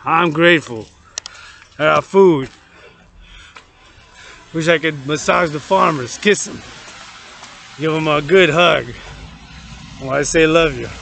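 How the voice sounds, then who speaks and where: Brief: gravelly, slightly high-voiced man, rambling slow outdoor rant, faint traffic behind. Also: fairly bright tone. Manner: rambling, laughing between lines, repeats words. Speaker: vlogger.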